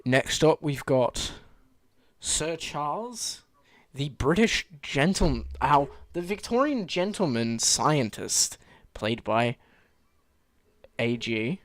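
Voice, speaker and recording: A woman's voice: deep voice, very animated, slow. An Australian woman running a tabletop game as game master, swearing casually and laughing often.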